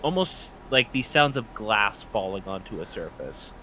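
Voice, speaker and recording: A man's voice: lowish voice, sing-song, moderate pace, pushed and bright, poor audio. A man narrating as game master of a tabletop game in an easygoing, descriptive way.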